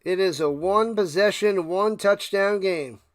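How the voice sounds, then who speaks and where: A man streaming live play-by-play of a football game, chatting casually with viewers and getting loud on big plays, with a tickle in his throat. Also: sits high, dry recording, clean studio sound. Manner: thanks chat viewers by name between game calls; rises loud and fast calling big plays. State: clearing his throat and coughing.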